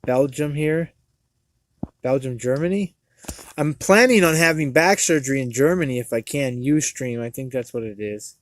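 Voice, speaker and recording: A man of medium pitch and moderate pace hosts a livestream where he rants in anger, swearing frequently and tripping over repeated words in stammering restarts.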